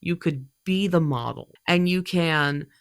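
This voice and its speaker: A woman's voice: sits low, measured pace, dry recording, studio quality. A young woman talking casually about her cosplay hobby, chatty and full of fillers, her voice congested from allergies. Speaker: cosplay creator. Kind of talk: casual vlog talk.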